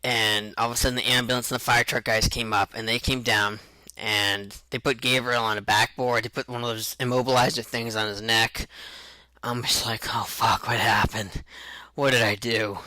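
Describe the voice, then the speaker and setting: A man's voice: mid-range voice, little pitch movement, normal speed, bright, forceful tone, no echo, low-quality recording. A young man telling a personal story in a rambling way, with halts and restarts. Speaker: vlogger recounting a truck accident.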